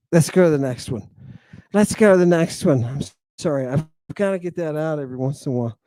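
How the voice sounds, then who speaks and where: A man's voice: a little high, moderate pace, pauses often, mellow, no echo. A man hosting a lecture-style show, emphatic and playful, who keeps checking in with the listener. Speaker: host.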